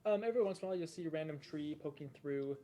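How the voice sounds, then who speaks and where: A man's voice: on the high side, rapid-fire, warm tone. A man narrating a tabletop game as game master, meandering and full of fillers and self-corrections.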